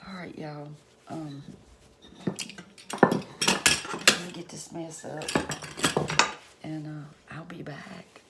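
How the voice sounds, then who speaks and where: A woman's voice: low voice, steady tone, very slow, pauses often. A middle-aged woman hosting a home cooking channel, chatting folksily to her viewers as she cooks in her kitchen. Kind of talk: casual cooking vlog chat. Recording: noisy home recording.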